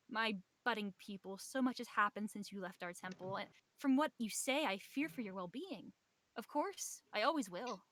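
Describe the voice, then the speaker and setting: A woman reading out a letter from a gentle, rambling elderly temple mentor in her own plain voice. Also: on the high side, no room sound. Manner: reads in plain own voice, warm and wistful. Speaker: game master reading a letter. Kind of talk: narrating a tabletop game.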